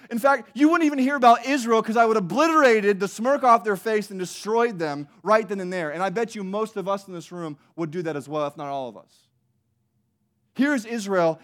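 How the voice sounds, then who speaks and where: A male preacher delivers a sermon in an animated, emphatic manner. His voice sits high for a man, and he keeps the room engaged with rhetorical questions.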